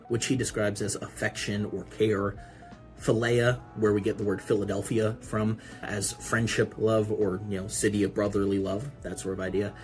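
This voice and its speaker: A man hosting a podcast, explaining Bible words in a relaxed, conversational way with casual asides. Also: lowish voice. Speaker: podcast host.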